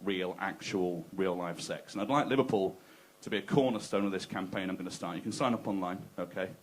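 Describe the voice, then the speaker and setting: A man's voice: lowish voice, fast talker. A man doing a crude, conversational stand-up set, teasing the crowd. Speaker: stand-up comedian. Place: comedy club stage.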